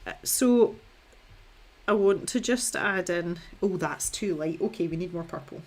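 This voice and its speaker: A young woman talks casually on a live stream as she paints. Her voice sits a little low, and she rambles in a self-deprecating way, laughing often. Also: unhurried. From Scotland. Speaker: art streamer.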